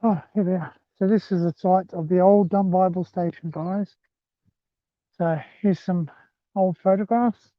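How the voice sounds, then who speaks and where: Sitting high and steady, a little slow, his voice carries a chatty, rambling live walking vlog. He streams from a handheld phone on a rural rail trail, addressing viewers as "guys." The recording is dry and thin, like a phone.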